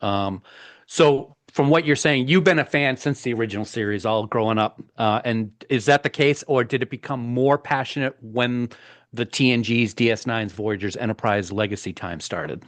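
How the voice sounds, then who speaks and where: A middle-aged man co-hosting a fan podcast interview over a video call, asking chatty questions and dropping quick agreements. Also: mid-range voice, no echo. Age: 50s. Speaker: podcast co-host. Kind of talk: casual interview chat.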